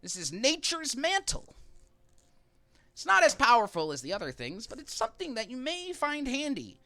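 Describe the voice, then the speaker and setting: Man playing a polite merchant, raised pitch, bright tone, gracious and formal. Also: wildly swooping pitch, moderate pace, exaggerated voice. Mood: courteous. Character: courteous male merchant handing out magic items.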